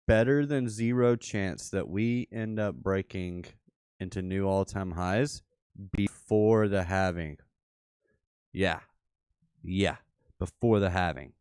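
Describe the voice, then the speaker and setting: A man with a Memphis Southern drawl talks through trading charts in a slow, unhurried way, thinking out loud and breaking into excited asides. His voice sits fairly low and comes across smooth and clear. The sound is dry and close, with no room around it. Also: no room sound. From Memphis, Tennessee. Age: adult father. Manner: rambling, thinks aloud with fillers and excited asides. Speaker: crypto streamer. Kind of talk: casual live chart commentary.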